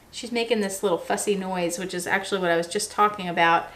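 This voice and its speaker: A woman chats casually to the camera in a relaxed vlog style. Her voice sits in an ordinary middle pitch. She explains patiently with everyday examples and drops in plenty of ums. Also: fast, hardly any pauses. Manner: chatty and relaxed, with frequent ums and restarts. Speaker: vlogger.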